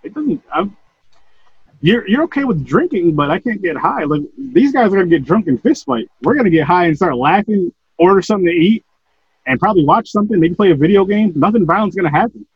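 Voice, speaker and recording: Husky laid-back man, dry lo-fi sound. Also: sits high, expressive, a little fast, no room sound. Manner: laid-back, swears casually. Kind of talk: casual movie review chat. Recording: dry, dull lo-fi audio.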